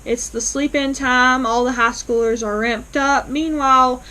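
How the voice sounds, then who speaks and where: A woman's voice: sits high, steady tone, measured pace, bright, forceful tone, poor audio. A woman recapping a TV episode in a casual, chatty way, full of fillers and quoted lines. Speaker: fan reviewer.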